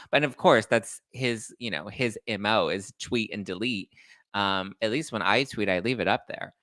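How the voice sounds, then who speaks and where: A man hosting a casual livestream and reading chat comments, sassy and quick to get fired up, with bursts of loud outrage. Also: lowish voice, expressive, dry recording. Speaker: podcast host reading live chat.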